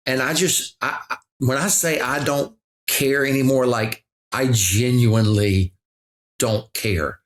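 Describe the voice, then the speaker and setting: A man's voice: mid-range voice, fairly even intonation, slow pace. A middle-aged man, a pastor guest on a podcast, talking earnestly and reflectively, often restarting his sentences. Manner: earnest storytelling with frequent restarts. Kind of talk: reflective conversation.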